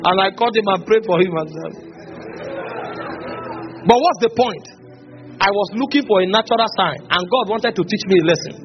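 A man preaching a sermon as a pastor, telling a story and breaking into shouts and tongues. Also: sits high, normal speed, pauses often, crowd noise. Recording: dull lo-fi sermon recording with music.

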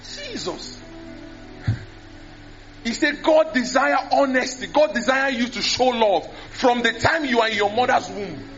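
A preacher, speaking animatedly into a handheld mic, often mimicking prayers and repeating words. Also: male voice, very high-pitched, moderate pace, a bit bright, faint music behind. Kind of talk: sermon. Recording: dull lo-fi sermon recording.

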